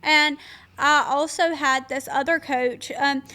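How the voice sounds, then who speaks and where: A woman's voice: high voice, slow pace. A young woman with a mild Georgia Southern accent, telling stories animatedly to listeners in a casual chat. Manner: animated storytelling, addresses listeners directly. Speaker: podcast co-host, pageant titleholder.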